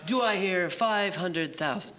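A comic performer playing an auctioneer who runs bids with brisk patter. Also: mid-range voice, over a noisy crowd, heavy background noise. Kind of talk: comic sketch.

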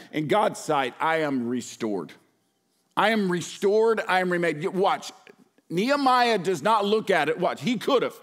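Dynamic preaching pastor, man. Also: high voice. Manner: dynamic preaching, swings from loud to hushed. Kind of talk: sermon.

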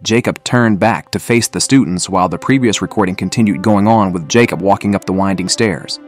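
A man narrating an audiobook in a steady, measured way. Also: low voice, soft background music.

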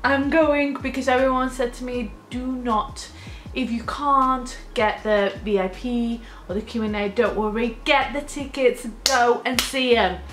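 A woman in her thirties gushes about a song, giggling between her words. Her voice sits high and bright, and she talks at an unhurried pace. The room around her is echoey. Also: fairly even intonation. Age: 30s. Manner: giggly and gushing, breaks into laughter. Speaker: music reaction YouTuber. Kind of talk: excited casual reaction chat.

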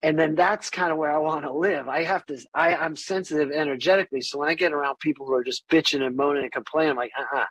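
Animated middle-aged man, slightly high voice. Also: quick pace, few pauses, low-quality recording. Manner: animated, candid, swears freely, acts out quoted voices. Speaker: podcast guest, musician. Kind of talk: casual interview conversation.

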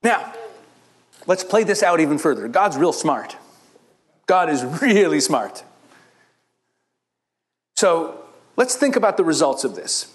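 Rabbi guy from israel preaching to a church, pretty high voice, bounces all over the place. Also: slow pace, pauses often. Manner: animated storytelling, acts out the biblical characters in quoted voices. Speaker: rabbi teaching a church audience. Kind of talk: sermon-style Bible teaching.

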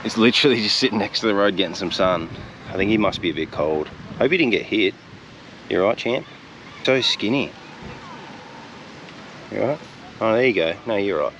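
A man's voice: lowish voice, animated, normal speed, long pauses, a bit bright. A young Australian man chatting casually in a laid-back way as he vlogs outdoors on a windy day. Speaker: vlogger. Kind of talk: casual vlog chat. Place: outdoors by the road and beach, windy. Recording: outdoor noise from wind and traffic.

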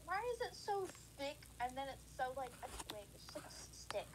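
A woman's voice: high voice, sing-song, fairly quick. A woman chatting casually with a friend while they play a game together, in a playful, teasing, jokey way. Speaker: gamer playing with a friend. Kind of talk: casual chat over gameplay. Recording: noticeable background noise.

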